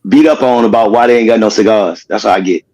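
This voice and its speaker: A man's voice: on the low side, fast, a little mellow, rough recording. A man, owner of a cigar brand, chatting casually and playfully in an interview and laughing often.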